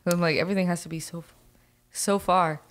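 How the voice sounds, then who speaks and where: Woman, podcast co-host, reactive, short follow-up questions, lowish voice. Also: fairly even intonation, brisk. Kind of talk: casual podcast chat.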